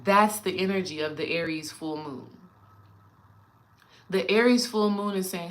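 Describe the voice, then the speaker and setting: A woman's voice: fairly low pitch, unhurried, pauses often, a bit bright. A woman spiritual coach talking casually and animatedly to her viewers, addressing them directly.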